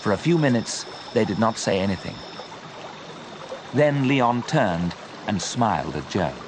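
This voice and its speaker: Man, slow clear narration, lively pitch, simple storybook reading for learners. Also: background noise.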